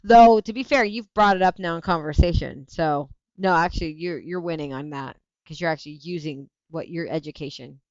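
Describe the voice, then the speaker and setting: A woman's voice: deep voice, brisk, few pauses, dry recording, dull audio. A woman hosting a livestream, chatting casually and reacting to viewer comments with frequent laughter. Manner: animated, laughing often, self-interrupting. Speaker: livestream host.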